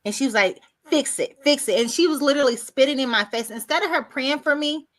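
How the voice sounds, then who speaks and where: A woman guest on a video-call podcast, telling her life story in a casual, animated way and acting out other people's words. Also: high-pitched, fast.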